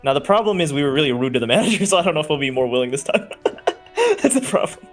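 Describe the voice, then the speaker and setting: A man's voice: a little high, expressive, racing, a bit bright, faint music behind. A man co-hosting a let's play, joking around in a goofy, casual way. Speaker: co-host. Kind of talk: casual gameplay chat.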